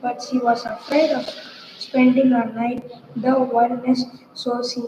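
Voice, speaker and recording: A woman's voice: a little high, a little slow, noisy background. Woman reading a children's story aloud. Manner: steady, with small slips and restarts. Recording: echoey, muffled hall recording.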